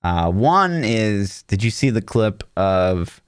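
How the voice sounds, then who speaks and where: Laid-back male co-host, low voice, filler-heavy and blunt, dry close mic. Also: sing-song, slow, smooth, no echo. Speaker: podcast co-host. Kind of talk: casual gaming podcast chat.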